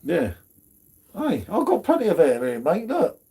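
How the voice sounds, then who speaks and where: A man's voice: a little high, wildly swooping pitch, unhurried, dark tone, husky. Chatty man in pub banter. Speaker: host of a beer review stream. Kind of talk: casual pub chat.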